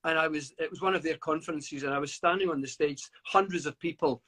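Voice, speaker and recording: Speaking fast in a slightly high, bright and forceful voice, this middle-aged man from the UK is interviewed as a guest author over a live video call. He reflects at length, often stammering and starting over.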